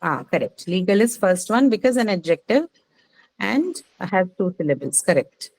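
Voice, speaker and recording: A woman teaching word stress to a class, repeating each word slowly and quizzing her students patiently. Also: mid-range voice, sing-song, a little mellow, rough recording. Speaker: English teacher.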